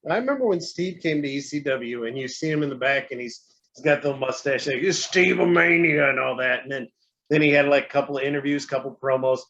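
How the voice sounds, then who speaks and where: A man's voice: mid-range voice, fast, a bit bright. A man hosting a casual interview, chatty and given to long rambling questions. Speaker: podcast host. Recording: dull lo-fi audio.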